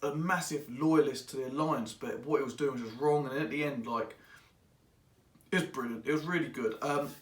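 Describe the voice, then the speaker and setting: Casual male reviewer, rambly and animated, recorded in an echoey room. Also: mid-range voice, moderate pace, far from the mic. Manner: rambling and excitable, acts out characters in quotes. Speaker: book reviewer. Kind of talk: casual spoken book review. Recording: echoey room, voice away from mic.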